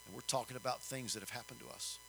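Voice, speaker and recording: An older man telling a story in a sermon, folksy and animated, rising in emphasis. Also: mid-range voice, quick pace, creaky, a little hiss or hum, rough recording. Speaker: preacher.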